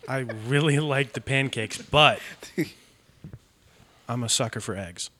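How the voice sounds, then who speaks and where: A young man with an ordinary mid-range voice talks casually about eggs and early mornings. He keeps his answers short and relaxed. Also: medium pitch, slow, slight background noise. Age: young adult. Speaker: family member taster. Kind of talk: casual family chat.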